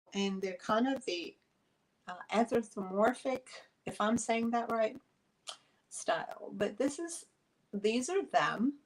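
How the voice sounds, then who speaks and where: A woman from New York with a New York accent, running a chatty live sale of vintage items into her phone, filling pauses with ums. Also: medium pitch, low-quality recording. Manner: chatty, friendly, many fillers. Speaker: online vintage seller.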